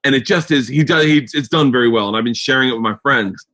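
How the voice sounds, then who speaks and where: A man hosting a podcast in casual chat, talking in a rambling, excitable way and swearing freely. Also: mid-range voice, quick pace. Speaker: podcast host.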